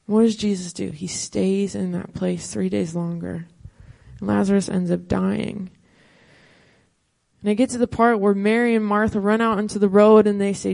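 A woman's voice: mid-range voice, little pitch movement, moderate pace, gravelly, dark tone. A woman pastor in her thirties telling a personal testimony, earnest and storytelling, quoting her own prayers.

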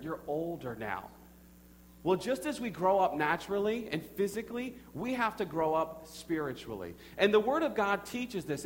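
A young adult man preaching a sermon, who tells stories and leads his congregation in call-and-response. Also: a little high. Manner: animated, addresses the congregation directly; storytelling with audience prompts. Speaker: pastor. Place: church sanctuary with congregation. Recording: reverberant hall with faint hum.

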